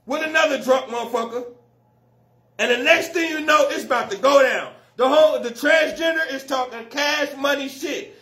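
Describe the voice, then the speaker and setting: A man doing stand-up comedy, telling a story loudly and with lots of slang and swearing, often laughing at his own jokes. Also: very high-pitched, brisk. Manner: profane and slangy.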